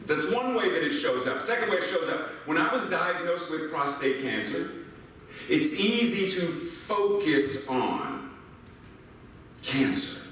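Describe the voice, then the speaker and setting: A man's voice: on the high side, measured pace, a little hiss or hum. An older American man giving a sermon as a minister, telling playful stories and asking the congregation questions. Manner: animated, playful storytelling with rhetorical questions. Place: church sanctuary. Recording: echoey hall mic from far off.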